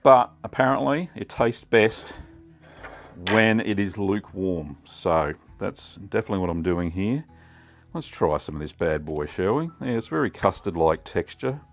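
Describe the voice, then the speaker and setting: A middle-aged Australian man hosting a casual cooking vlog, chatty and relaxed with many ums. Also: deep voice, normal speed, faint music behind. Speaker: cheesemaking channel host.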